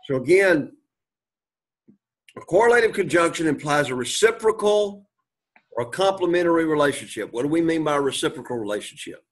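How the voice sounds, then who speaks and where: Husky-voiced man teaching Greek class. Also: fairly high pitch, animated, brisk. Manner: asks students questions, reads and translates Greek aloud; frequent throat clearing. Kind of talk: classroom lecture.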